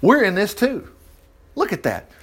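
Animated folksy preacher man. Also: high-pitched, a little slow, breathy edge. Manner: folksy, animated, reads scripture aloud with asides. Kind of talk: Bible teaching.

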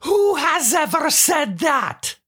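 A woman's voice: high voice, big pitch swings, slow, fairly bright tone, heavily acted. A woman playing a sarcastic, teasing wife in a scripted comedy sketch, tossing off dry, mocking put-downs. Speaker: co-host of a comedy show.

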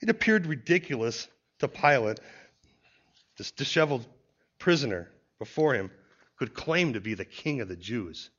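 A man leads a verse-by-verse Bible teaching in an even, explanatory way, often pausing to say "see" before a point. His voice sits at an ordinary middle pitch. The recording is dull and lo-fi.

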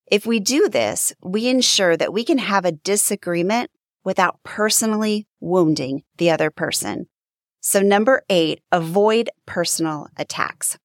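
A woman's voice: fairly low pitch, no echo, studio quality. A woman hosting a faith-based podcast who teaches in an earnest, encouraging way and acts out sample phrases. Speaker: podcast host.

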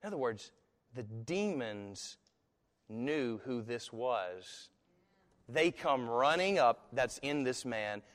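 A man preaching a sermon as pastor, talking in a conversational, animated storytelling way with asides. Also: mid-range voice, slow. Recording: echoey hall.

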